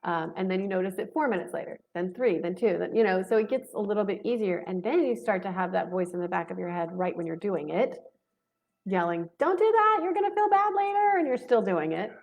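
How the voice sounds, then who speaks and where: Frank, low, gravelly woman coach. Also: brisk. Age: 40s. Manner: frank, salty and relaxed, with quoted inner voices. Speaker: spiritual coach. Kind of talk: casual teaching talk.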